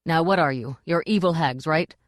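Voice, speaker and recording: A woman's voice: low voice, normal speed, no room sound, clean studio sound, lightly acted. A woman reading aloud, voicing an exasperated male stage manager who barks orders at his nervous cast. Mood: bossy. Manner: barking, exasperated. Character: harried male theater stage manager, bossy.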